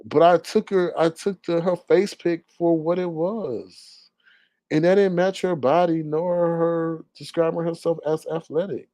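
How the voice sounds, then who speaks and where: On a live talk stream, a caller rants loudly and indignantly, drawling and moving between outbursts and mutters in an animated, casual way. His voice is on the high side, with a steady tone and an unhurried pace. It's recorded dry and close, without echo.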